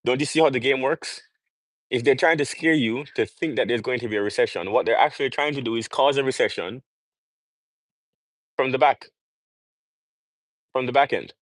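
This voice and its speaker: A man's voice: mid-range voice, moderate pace, pauses often, no echo, low-quality recording. A young man from Jamaica talking on a livestream, preaching in an emphatic way and firing off rhetorical questions. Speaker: livestream host. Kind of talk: casual livestream monologue.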